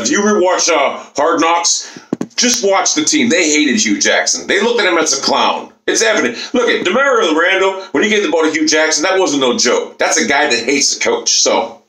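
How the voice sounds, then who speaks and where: A man's voice: fairly high pitch, lively intonation, normal speed, sharp tone. Swearing man ranting in an echoey room. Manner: profane, boastful, repetitive ranting. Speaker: YouTuber. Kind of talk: football rant to camera.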